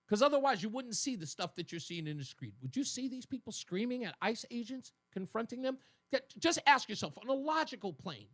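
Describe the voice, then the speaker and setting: A man hosting a talk radio show, delivering an emphatic, argumentative opinion monologue that swings between loud and low. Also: dry recording, studio quality.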